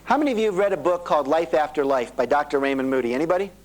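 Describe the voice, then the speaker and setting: A middle-aged man leads a motivational seminar on an old cassette tape. His voice sits a little high, and he tells his stories with lively energy, slipping into the voices of the people in them. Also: very fast, rough recording. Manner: animated storytelling, acting out quoted voices. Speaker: seminar speaker. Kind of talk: motivational seminar talk to a live audience.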